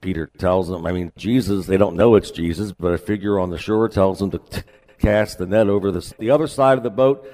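A man pastor preaching a sermon in a relaxed, conversational way with folksy asides, in a church sanctuary. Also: sits low, a little fast, big-room sound.

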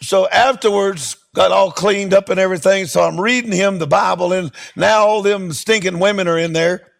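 A middle-aged man, a preacher telling a testimony in a sermon with animated, emphatic delivery. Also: sits high, normal speed, creaky. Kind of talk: sermon storytelling.

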